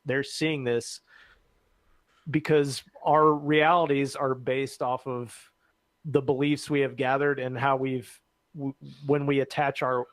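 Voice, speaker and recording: Animated, argumentative male podcast co-host. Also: medium pitch, dry recording. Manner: animated, argumentative, laughs often. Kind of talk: casual political discussion.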